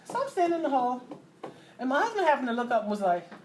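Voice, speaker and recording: A middle-aged woman, telling a personal story as a mother. She talks in a lively way, acting out voices and sound effects with loud bursts. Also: high-pitched, fast, slight background noise. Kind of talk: animated storytelling to an audience.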